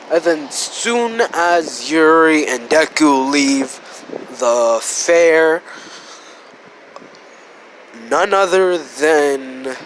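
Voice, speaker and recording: Slow-talking man with a sick voice. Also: medium pitch, a bit bright, poor audio. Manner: rambling, self-correcting. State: sick, rough voice. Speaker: fan storyteller. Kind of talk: casual story narration. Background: faint background noise.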